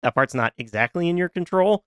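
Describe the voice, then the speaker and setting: A man's voice: fairly high pitch, lively intonation, brisk, a bit bright, clear, resonant tone, no echo, studio quality. A man co-hosting a film podcast, reflecting aloud in a casual discussion. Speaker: podcast co-host.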